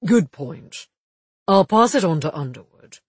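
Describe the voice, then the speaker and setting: A man voicing a shrewd male police detective in an audiobook, measured and wry, with a slightly husky voice. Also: on the high side, big pitch swings, no room sound, full character voice. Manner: measured, wry, matter-of-fact. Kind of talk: audiobook dialogue reading.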